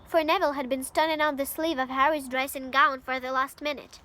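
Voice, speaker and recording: High-voiced woman reading aloud. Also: steady tone, brisk, bright, forceful tone. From Ukraine. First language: Ukrainian. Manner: careful reading with slips and restarts. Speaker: reader.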